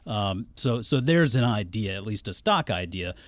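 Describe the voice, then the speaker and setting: Guy with a lowish voice, dry close mic, musing and hedgy, says i mean a lot. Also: very animated, normal speed, no echo. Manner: thoughtful, hedging with "I mean". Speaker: investment analyst guest. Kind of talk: casual chat.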